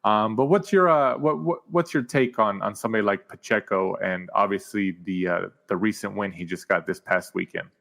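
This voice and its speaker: A man's voice: fairly low pitch, moderate pace, gravelly, hardly any pauses, fairly bright tone. A man hosting a podcast, upbeat and joking, with frequent fillers as he reads fight results. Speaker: podcast host.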